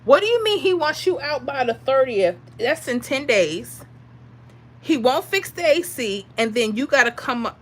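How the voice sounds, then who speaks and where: Her voice is high-pitched and sing-song at a normal speed. On a casual livestream offering lottery picks, she chats openly with viewers, reads and reacts to their comments aloud, and makes emotional asides.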